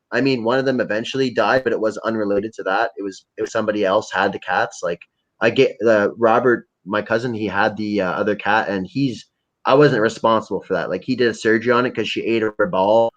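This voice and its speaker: A young man hosting a livestream, telling rambling, profane, jokey stories in casual chat. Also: fairly low pitch. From Canada. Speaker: livestream host. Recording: dull lo-fi stream audio.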